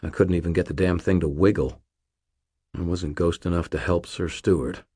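Deep husky-voiced male narrator. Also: steady tone, normal speed, mellow, no echo, clean studio sound. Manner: wry, terse, hard-boiled. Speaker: audiobook narrator. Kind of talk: first-person scripted narration.

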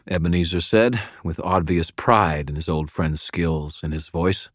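Deep-voiced man narrating an audiobook. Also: measured pace, no room sound, clean studio sound. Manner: steady, understated, subdued. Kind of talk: first-person audiobook narration.

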